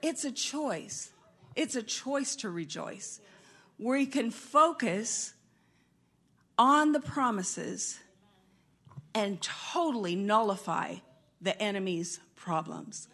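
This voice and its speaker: A middle-aged woman delivers a sermon with a bright, high-ish voice. She tells animated stories and breaks into laughter now and then. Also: slow pace, pauses often. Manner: animated storytelling with bursts of laughter. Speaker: preacher.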